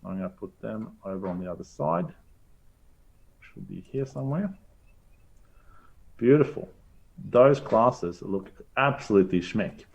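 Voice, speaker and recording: Upbeat man demoing software. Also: lowish voice, expressive, unhurried, vocal fry, long pauses. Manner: upbeat, chatty, thinks aloud while clicking. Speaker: teacher presenter. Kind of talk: live screen-share demo lesson.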